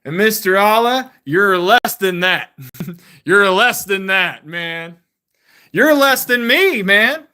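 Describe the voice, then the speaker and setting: A man with a high, sharp, bright voice rants on a live stream, heated and defiant. He talks slowly and draws his words out, then breaks into loud shouts. He laughs often and fills his talk with "man" and "dude". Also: expressive, clear, resonant tone. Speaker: livestream host. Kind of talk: ranting live stream monologue.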